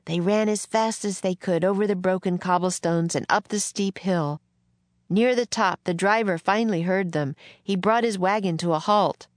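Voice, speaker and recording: A woman narrating a children's chapter book in a clear, steady storytelling voice. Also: medium pitch, normal speed, no echo. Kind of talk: children's audiobook reading.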